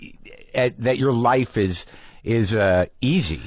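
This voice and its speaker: American man, podcast host, halting casual questions, mid-pitched, dry studio sound. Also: dry recording. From United States. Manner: halting, searching for words. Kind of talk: casual interview.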